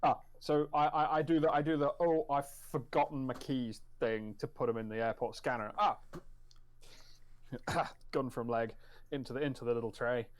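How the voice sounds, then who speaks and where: A man's voice: mid-range voice, moderate pace. Stammering man playing a tabletop game. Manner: hesitant, stammering restarts. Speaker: player.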